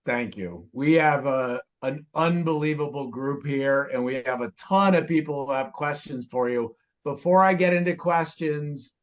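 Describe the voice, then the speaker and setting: A man hosting an interview over a video call, relaxed and friendly. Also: a little high. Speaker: host.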